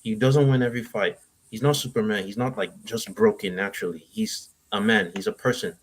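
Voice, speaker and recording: A young man speaks as a guest on a casual talk show, his voice sitting a little low. He gives his advice in a halting, rambling way, restarting his sentences as he thinks. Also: lively intonation, a little hiss or hum. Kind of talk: casual chat, giving advice.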